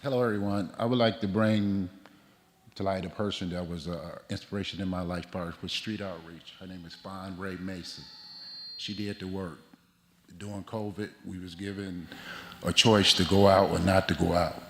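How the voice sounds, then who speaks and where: A man who does street outreach gives a formal, measured tribute at a memorial. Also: low voice, steady tone, a bit bright, a little hiss or hum. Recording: distant voice in echoey church hall.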